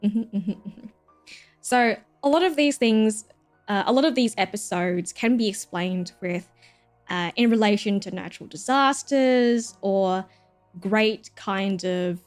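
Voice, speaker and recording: A woman streaming, chatting casually and jokily with plenty of fillers and giggles, with faint music behind her. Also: medium pitch. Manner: rambling, jokey, lots of fillers and giggles.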